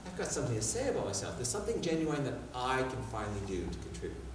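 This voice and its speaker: A man voicing a shy, anxious ten-year-old boy who speaks in a soft, hushed way. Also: medium pitch, very animated, very fast, slight background noise, pitched below the performer's own voice, natural voice. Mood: quietly proud. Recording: echoey hall, far mic.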